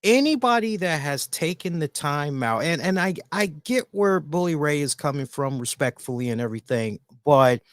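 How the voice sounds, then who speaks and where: A man hosting a solo wrestling review, talking in an animated, emphatic way and repeating words for emphasis. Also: a little high, moderate pace, few pauses, no echo. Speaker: wrestling show reviewer, host.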